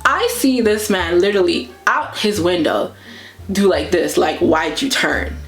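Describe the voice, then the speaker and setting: A woman's voice: on the low side, measured pace, reverberant, faint music behind. A woman vlogger casually telling a story, acting out her own reactions as she goes. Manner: animated retelling that acts out her own reactions.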